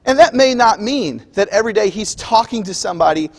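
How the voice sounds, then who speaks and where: High-voiced preacher in a reverberant hall. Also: male voice, lively intonation, fairly quick. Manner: conversational, acts out everyday scenes. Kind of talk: sermon. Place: church auditorium.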